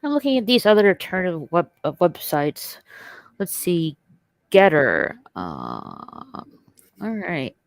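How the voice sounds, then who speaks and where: A woman co-hosting a casual chat. She speaks softly and mostly gives short replies. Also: lowish voice, huge pitch swings, slow pace, creaky, dry recording.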